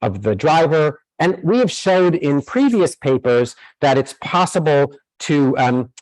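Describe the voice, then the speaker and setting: A man's voice: fairly high pitch, big pitch swings, unhurried, a little mellow, dry recording, low-quality recording. A man giving a university lecture who explains in steps, with many fillers and restarts.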